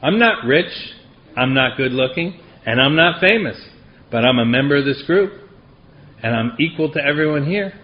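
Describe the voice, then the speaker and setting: A man's voice: mid-range voice, expressive, normal speed, lo-fi sound. A middle-aged man giving a personal story at a recovery meeting, wry and self-deprecating. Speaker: AA speaker. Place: meeting hall.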